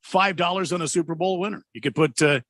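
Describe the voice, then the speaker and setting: Male sports radio co-host, rambling, halting, fairly high voice, dry sound. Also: a bit bright, dry recording. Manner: rambling, hesitant, full of uh's. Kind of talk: casual sports talk banter.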